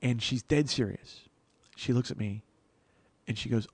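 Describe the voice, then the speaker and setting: A man who is a comedian telling a story on his podcast, animated, profane and poking fun at himself. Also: medium pitch, a little slow, husky, no echo. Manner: animated, profane, self-mocking. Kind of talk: comic storytelling.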